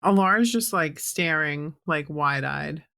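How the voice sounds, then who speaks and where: A woman's voice: deep voice, a little slow, creaky, sharp tone. A woman playing a tabletop game, talking casually with many fillers. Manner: hesitant, lots of fillers. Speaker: player.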